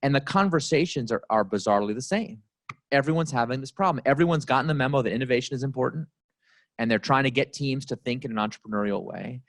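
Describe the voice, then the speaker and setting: A man's voice: medium pitch, quick pace, dry recording, studio quality. A man giving a casual storytelling talk to a live audience as a guest speaker, chatty and full of "like" and "you know". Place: company office event space.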